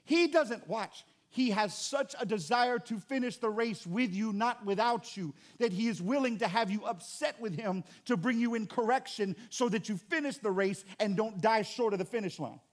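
A man preaching a sermon as pastor, animated and conversational, with joking asides to the congregation. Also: sits high, normal speed, hardly any pauses.

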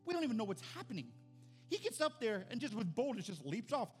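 A pastor, preaching and telling stories in an animated, excited way. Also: male voice, extremely high pitch, quick pace, soft background music. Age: 40s. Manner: animated storytelling, builds to excited shouts. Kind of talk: sermon.

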